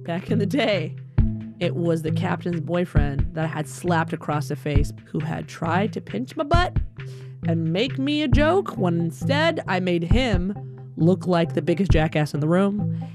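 Animated woman from Alabama telling a story. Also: fairly low pitch, a little slow, over music. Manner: animated, acts out dialogue. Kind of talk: personal storytelling.

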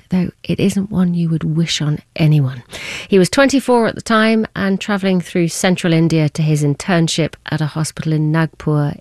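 A woman radio presenter reading a scripted news feature in a measured way. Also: low-pitched, a little mellow, no room sound, studio quality. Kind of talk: scripted narration.

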